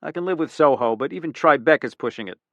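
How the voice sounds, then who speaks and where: A man voicing a gruff, blustering middle-aged police chief who snaps out his orders. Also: a little high, fast talker, fairly bright tone, no room sound. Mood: irritable. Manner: snappish, barking.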